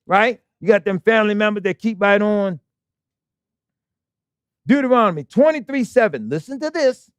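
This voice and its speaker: Emphatic high-voiced male preacher, dry sound. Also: lively intonation, moderate pace, long pauses, clear, resonant tone, no echo. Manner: emphatic, conversational preaching with rhetorical questions. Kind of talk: fiery sermon. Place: assembly hall in Baltimore.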